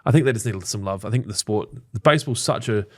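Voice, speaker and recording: A man's voice: lowish voice, fast talker, darkish tone, dry recording, clean studio sound. A man with an Australian accent co-hosting a casual live show, joking and swearing freely. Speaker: podcast co-host.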